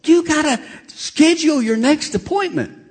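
A man voicing a bubbly, excitable woman receptionist who talks loudly and squeals, with a husky voice. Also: sits high, a little slow, voice pushed up, exaggerated voice. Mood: excited. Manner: loud, squealing, gushing.

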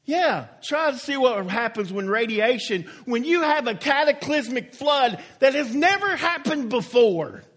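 A pastor preaches in a folksy, emphatic way, leaning hard on single words and drawing them out. His voice sits high for a man, and he takes his time, letting each point land slowly. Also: lively intonation, fairly bright tone. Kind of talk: sermon.

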